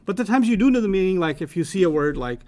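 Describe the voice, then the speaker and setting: A man with a high voice teaches Arabic grammar to young students, talking fast. His manner is casual, playful and teasing, with animated explanations.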